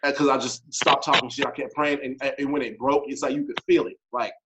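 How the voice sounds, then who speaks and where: A man spins a tale at a rapid clip, cursing and animated. His voice sits at an ordinary pitch. The recording carries a clear layer of background noise. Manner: profane, animated storyteller. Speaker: podcast co-host. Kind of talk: casual storytelling chat.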